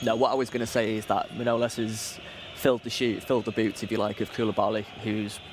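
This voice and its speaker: A man giving relaxed football analysis as co-commentator on a live stream. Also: lowish voice, fast, noisy background.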